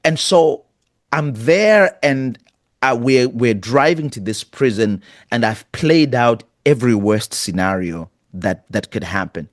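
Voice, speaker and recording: A man's voice: medium pitch, expressive, unhurried, dry recording, clean studio sound. Earnest middle-aged male pastor storyteller. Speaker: pastor and guest. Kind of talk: storytelling interview.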